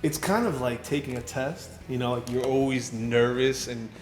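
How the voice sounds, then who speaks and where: A man's voice: medium pitch, moderate pace, darkish tone, reverberant, soft background music. A young man chatting casually as a guest, full of fillers. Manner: laid-back, filler-heavy talk. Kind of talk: casual chat.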